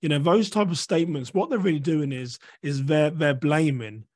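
Measured man guest explaining, dry close sound. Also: a little high, darkish tone, no echo. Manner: measured, explains with acted-out example phrases. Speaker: author and guest. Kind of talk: conversational interview explanation.

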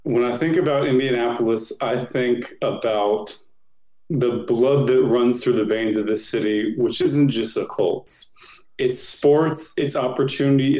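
A man's voice: medium pitch, mellow, reverberant, rough recording. A man speaking as a guest on a sports podcast, talking in a confident, emphatic way. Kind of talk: casual sports podcast chat.

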